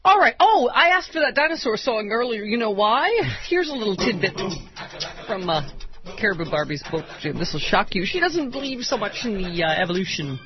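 A woman hosting a comedic talk radio show, animated and sarcastic, often laughing. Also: mid-range voice, fairly quick, a crowd in the background. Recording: lo-fi broadcast with faint hiss.

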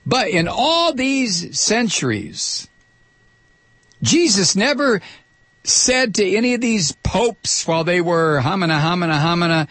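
A man's voice: high voice, sing-song, a little slow, fairly bright tone, no room sound. A man hosting a talk radio show, rambling through a sarcastic monologue close to a studio mic. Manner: sarcastic, rambling, mock voices.

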